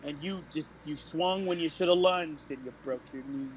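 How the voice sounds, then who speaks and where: A man's voice: a little high, moderate pace, rough recording. A man playing a tabletop role-playing game, playful and joking with the group. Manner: playful, jokey, animated. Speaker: player. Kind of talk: casual tabletop play.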